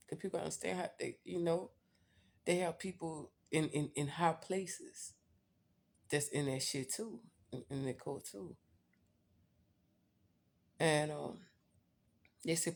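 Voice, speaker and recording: A woman's voice: sits low, takes it slowly, creaky, long pauses, a little mellow. A woman vlogger telling a personal story in a blunt, profane, candid way, talking straight to her viewers.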